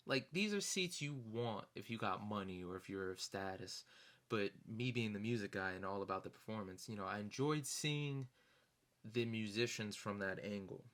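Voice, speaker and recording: A young man casually telling a long story, rambling with lots of fillers and jumping into high-pitched voices to act out other people. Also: a bit bright. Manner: rambling, lots of "you know" and "like". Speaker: vlogger recounting concert memories.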